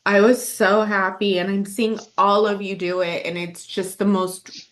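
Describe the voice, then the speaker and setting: A woman's voice: mid-range voice, steady tone, a little slow. A woman hosting a heartfelt chat, talking in an effusive, affectionate way and repeating loving words. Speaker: host. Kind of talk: emotional casual chat.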